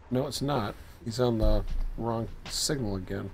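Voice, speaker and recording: A man giving casual, thinking-aloud commentary while playing a train dispatching game, low-key and a bit sleepy. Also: unhurried, slight background noise. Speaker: streamer.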